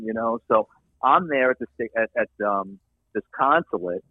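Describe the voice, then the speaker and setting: A man telling a story from his police work in a casual chat, animated and profane, acting out the people he met. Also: medium pitch, normal speed, dry recording, narrow, tinny audio. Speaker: guest, former police detective.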